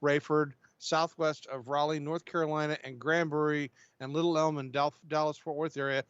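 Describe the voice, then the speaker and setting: Dry, slightly high man reading news. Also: little pitch movement, normal speed, clear, resonant tone, dry recording, muffled recording. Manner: reads stories with fillers and restarts. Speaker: co-host reading news stories. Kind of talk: casual livestream chat.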